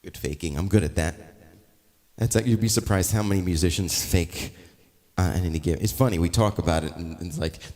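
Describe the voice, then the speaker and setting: Deep-voiced rambling man, chatty. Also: a little fast, darkish tone, long reverb tail. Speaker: musician live-streaming. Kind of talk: casual live-stream chat.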